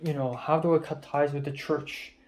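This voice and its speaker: A tired young man rambling and swearing in a soft-spoken confessional vlog about his stress. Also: on the high side, steady tone, moderate pace. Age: young adult. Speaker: vlogger. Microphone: phone camera.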